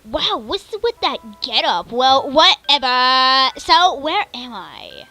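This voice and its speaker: Woman doing a bossy girl pirate captain, high, bright, brusque, dismissive. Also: sing-song, slow pace, vocal fry, soft background music, heavily acted.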